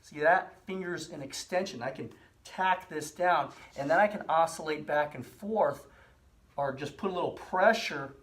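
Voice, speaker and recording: Middle-aged male health host, slightly raised pitch, easygoing instructional delivery. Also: normal speed. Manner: relaxed, repetitive explanations with fillers. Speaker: physical therapy host. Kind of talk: casual instructional demonstration.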